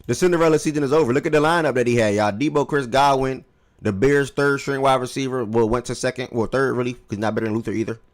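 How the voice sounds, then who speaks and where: A man hosting a casual fantasy football talk show, animated and profane, swinging between heated outbursts and low mutters. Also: fast. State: eating oatmeal while talking. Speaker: podcast host.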